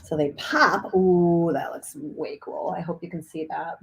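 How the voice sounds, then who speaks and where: Woman, lower-pitched voice, casual craft demo, chatty and upbeat, talking while she works. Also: steady tone, a little slow, gravelly. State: chewing a cough drop. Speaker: art instructor. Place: cold room above a garage.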